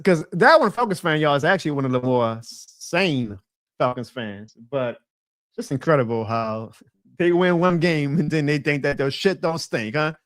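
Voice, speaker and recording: A man hosting a live stream, joking and trash-talking in a lively way. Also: on the high side, no echo, studio quality. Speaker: show host. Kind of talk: casual live-stream commentary.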